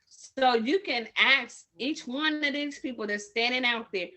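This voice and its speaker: Bright-voiced Bay woman telling stories. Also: high-pitched, measured pace. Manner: rambling, self-correcting, lots of fillers, street slang. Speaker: community medic trainer. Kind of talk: informal training talk with personal stories.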